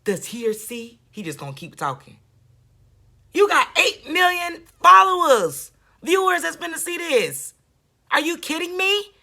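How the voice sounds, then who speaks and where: A woman's voice: high voice, pushed and bright. A woman giving casual reaction commentary on a video, blunt, sarcastic and scolding, often repeating herself for emphasis.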